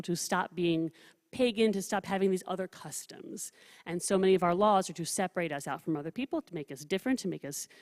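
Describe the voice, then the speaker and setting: Chatty woman rabbi in a reverberant hall. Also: fairly low pitch. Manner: chatty, humorous, reads quotes with animated emphasis. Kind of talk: study session lecture. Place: synagogue hall. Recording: long reverb of a large room.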